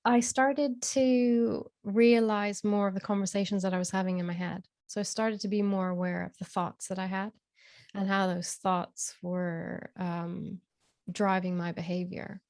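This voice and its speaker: A woman's voice: mid-range voice, flat delivery, measured pace, a little mellow, no echo, clean studio sound. A woman guest telling a personal story of grief in a candid, reflective way. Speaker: interview guest.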